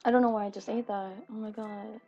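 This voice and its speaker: Giggly young woman with a gravelly voice. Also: medium pitch, little pitch movement, quick pace, dark tone, lo-fi sound, faint music behind. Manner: giggly, exclaims and chatters to herself while playing. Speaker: gaming video creator. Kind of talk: casual gameplay commentary.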